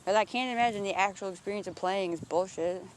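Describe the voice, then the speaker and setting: A vlogger muses out loud while walking outside, swearing freely and circling back on unfinished thoughts. The voice sits at an ordinary, middle pitch, with a faint hiss of open air behind it. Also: quick pace. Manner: profane, searching, thinks aloud with restarts. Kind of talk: rambling introspective monologue. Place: outdoors, walking.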